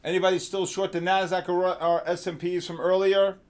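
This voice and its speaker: A man hosting a live trading stream, talking excitedly with chat viewers by name and pushing them on their trades. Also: sits high, brisk. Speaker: trading show host.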